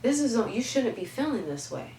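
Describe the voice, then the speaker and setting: A woman's voice: on the high side, very animated, moderate pace, dark tone, roomy sound, far from the mic, a little hiss or hum, poor audio. A young woman giving heartfelt life advice in an emphatic way, repeating phrases for stress. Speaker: advice vlogger.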